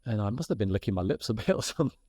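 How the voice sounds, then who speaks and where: British guy telling a funny story on a podcast, low voice, dry sound. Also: rapid-fire, slightly rough, no echo. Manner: lively storyteller who acts out quoted voices and laughs as he tells. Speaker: podcast guest, actor. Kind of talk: casual anecdote telling.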